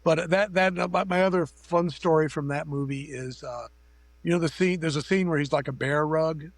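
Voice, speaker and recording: A middle-aged man with a gravelly, fairly high voice tells long, rambling stories packed with fillers and casual swearing. He speaks as a guest over a remote call, and the sound is dry and close. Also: normal speed, no echo. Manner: rambling, anecdotal, profane, many fillers. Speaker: makeup effects artist guest. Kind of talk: casual interview storytelling.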